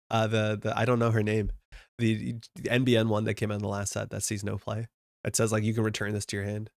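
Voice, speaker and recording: A man's voice: fairly low pitch, creaky, no room sound, studio quality. A young man streaming live, chatting casually and rambling as he reads chat aloud. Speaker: card game streamer.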